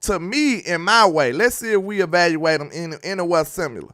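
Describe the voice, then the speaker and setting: A young man hosting a casual sports livestream, answering chat in a relaxed way. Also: high-pitched, a little fast. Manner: chatty, reads and answers chat comments. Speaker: sports live-stream host. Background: hip hop beat playing.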